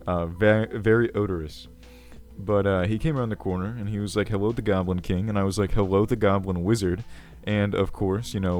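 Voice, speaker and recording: A man's voice: fairly low pitch, darkish tone, lightly acted. A man voicing a self-important, ancient male goblin king who rambles, with a crackly voice, over faint background music. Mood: rambling. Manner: pompous, rambling, self-assured. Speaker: video host. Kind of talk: character comedy Q&A.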